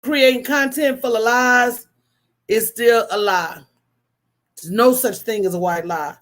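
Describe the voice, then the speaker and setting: A woman hosting a casual livestream, telling stories in an animated, preachy way with call-and-response asides to her viewers. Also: fairly high pitch, a little slow. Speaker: host.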